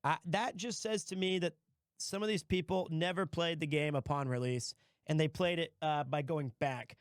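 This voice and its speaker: A young man hosts a live stream in casual, swearing banter. His voice sits high for a man. The sound is dry and close, with no room around it. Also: fairly even intonation, normal speed, no room sound. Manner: profane, joking banter with laughs. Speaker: streamer host.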